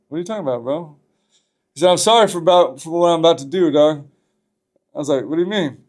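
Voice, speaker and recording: A man's voice: mid-range voice, darkish tone. A man, a podcast guest, telling a story from his past in a loose, profane, casual way.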